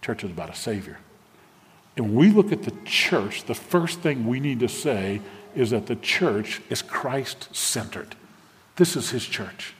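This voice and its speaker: A man's voice: medium pitch, animated, unhurried, slight background noise. A man, a pastor preaching a sermon to a congregation, engaging them with questions. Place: church sanctuary with a congregation. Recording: long hall reverb from a church.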